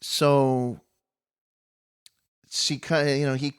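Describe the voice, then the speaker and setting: A man in a middle pitch retells an old epic in a loose, conversational way. He chuckles often and leans on small fillers as he goes, relaxed rather than performed. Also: extremely slow, clear, resonant tone. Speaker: storyteller. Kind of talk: casual spoken retelling of an epic.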